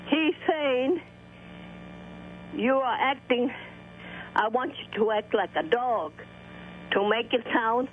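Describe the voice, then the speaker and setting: A man's voice: extremely high pitch, slow pace, pauses often, voice pushed up. A stern, scolding elderly woman in her seventies calls in over a tinny phone line with a faint hiss, as a man puts her on. She is insistent and indignant and will not back down. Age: 70s. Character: indignant 77-year-old woman caller, Spanish parents.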